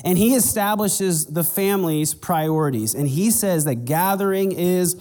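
Male pastor, conversational sermon delivery, slightly higher voice, long hall reverb, jumps up in pitch for acted-out dialogue. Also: measured pace, a little mellow. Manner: conversational preaching, acts out dialogue in a raised voice.

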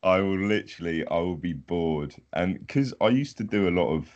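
Very deep-voiced easygoing man. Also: lively intonation, moderate pace, darkish tone, muffled recording. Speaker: podcast guest. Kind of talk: casual chat.

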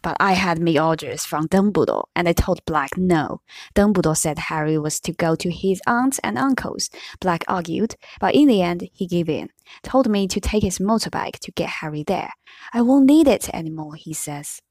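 A woman reading as a rough, angry giant gamekeeper. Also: fairly low pitch, expressive, normal speed, no room sound. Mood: indignant. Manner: loud, indignant retelling. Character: big rough-spoken male gamekeeper, angry.

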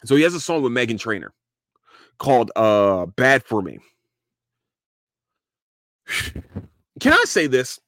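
A man hosting his own podcast, talking loosely and profanely. His voice sits at an ordinary middle pitch. He is recorded on a close mic in a dry room with no reverb. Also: slow pace, long pauses. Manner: animated, profane, repeats and restarts a lot. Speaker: podcast host. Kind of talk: casual solo podcast rant.

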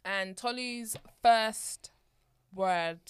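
A woman's voice: on the high side, very slow, clean tone, no room sound. A woman in her thirties co-hosting a casual podcast, chatty and mock-indignant, often laughing. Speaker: podcast co-host. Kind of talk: casual chat.

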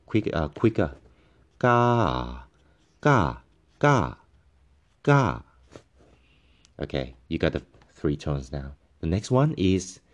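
A male language teacher patiently explaining tones, halting with frequent fillers and demonstrating each tone by voicing syllables and musical notes. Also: very deep voice, a little mellow. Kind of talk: tone pronunciation lesson.

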